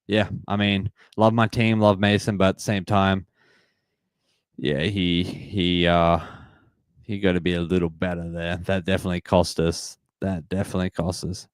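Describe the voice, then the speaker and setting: A man's voice: low-pitched, flat delivery, moderate pace, smooth, dry recording. Upbeat Australian man in his twenties. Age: 20s. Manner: upbeat, reads and greets chat viewers, repeats phrases. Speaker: livestream host. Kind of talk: live sports watch-party chat.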